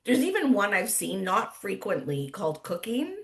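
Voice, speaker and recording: A woman's voice: mid-range voice, very animated, normal speed. A woman with a Canadian accent moderating an online cooking class in a chatty, upbeat way, laughing often. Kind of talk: casual livestream chat.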